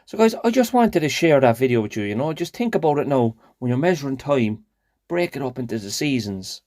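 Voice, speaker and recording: A man's voice: medium pitch, sing-song, fairly quick, darkish tone, no echo, clean studio sound. A man, a gardener hosting his own channel, talking casually and sincerely to viewers outdoors in a garden, addressing them as guys. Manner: sincere and reflective, then upbeat. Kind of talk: casual vlog talk to viewers.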